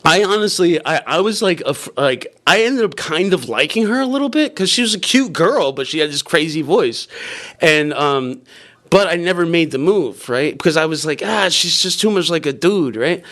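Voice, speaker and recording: A man's voice: on the high side, expressive, moderate pace, a bit bright. A young man hosting a podcast, telling a rambling story in casual chat and laughing along. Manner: rambling, laughs through story, lots of fillers. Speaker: podcast host.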